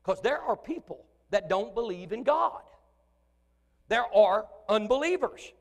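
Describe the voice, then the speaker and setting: A man preaching as the pastor of a church, in an animated style that swings from shouting to soft conversational asides. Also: high voice, a little slow. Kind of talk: sermon. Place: church sanctuary. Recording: long church hall reverb.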